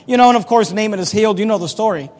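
Very high-voiced preacher in an echoing church. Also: male voice, racing. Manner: conversational preaching with humorous asides. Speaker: pastor. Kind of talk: sermon. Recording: long echoey church reverb.

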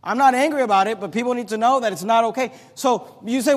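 A man preaching a sermon as pastor. He swings between loud, emphatic peaks and quiet, teaching passages. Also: very high-pitched, quick pace, hardly any pauses, in a large hall.

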